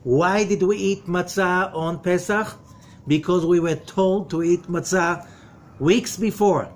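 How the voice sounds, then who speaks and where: A man lecturing as a rabbi before a live class, his voice pitched a little high. He drives each point with rhetorical questions and sinks to a hushed tone for warnings. A faint hiss sits under the recording. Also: fairly even intonation, takes it slowly. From from outside America. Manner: emphatic, full of rhetorical questions; drops to a low, quiet voice for warnings. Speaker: rabbi teaching Kabbalah. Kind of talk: lecture to a study group.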